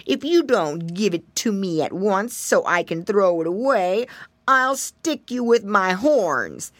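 A woman voicing a huge, menacing male snail in a storybook reading, dropping her voice low and drawing out his threats slowly. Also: animated, dry recording. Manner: slow, growling threats.

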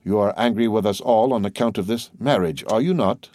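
A man's voice: on the low side, fairly quick, darkish tone, no room sound, studio quality, close to an everyday voice. A man voicing a tender, devoted young granddaughter who speaks in an earnest, pleading way. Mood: eager.

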